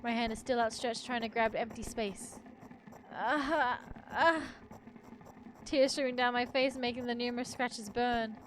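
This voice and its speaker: A woman's voice: a little high, little pitch movement, brisk, hardly any pauses, slight background noise, poor audio. A woman streamer reading a horror story aloud in the first person, with joking asides.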